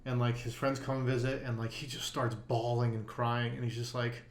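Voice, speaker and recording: A man co-hosting a poker podcast, telling a long story in loose casual conversation. He rambles, piles up fillers and false starts, and speaks at a middle pitch. His voice bounces around an echoey room. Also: flat delivery, moderate pace.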